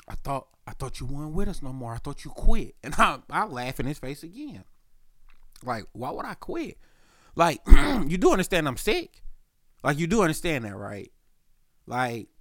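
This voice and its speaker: A man hosting a podcast, telling a loose, profane story about his boss and clearing his throat often while he is sick. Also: a little high, fairly bright tone, no room sound, studio quality. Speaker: podcast host. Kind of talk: casual storytelling.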